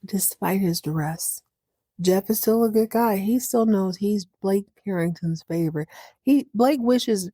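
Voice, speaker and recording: A woman's voice: mid-range voice, measured pace, warm tone, husky, no echo, studio quality. A woman in her thirties hosting a podcast, recapping a soap opera casually with playful, sarcastic asides. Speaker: podcast host.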